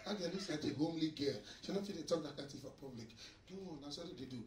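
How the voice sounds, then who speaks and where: A man's voice: on the high side, fast talker, a little mellow. A young man with a Nigerian accent doing live stand-up crowd work, teasing the audience and laughing as he talks. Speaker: stand-up comedian. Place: noisy nightclub stage. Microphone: handheld mic. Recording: echoey club, mic picked up from far. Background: crowd laughing and cheering.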